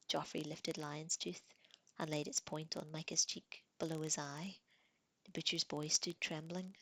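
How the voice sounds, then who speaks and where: Seorang perempuan membacakan novel dengan suara lembut dan pelan. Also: female voice, deep voice, fairly even intonation, unhurried, a bit bright, husky, dry recording. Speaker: reader. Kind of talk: reading a novel aloud.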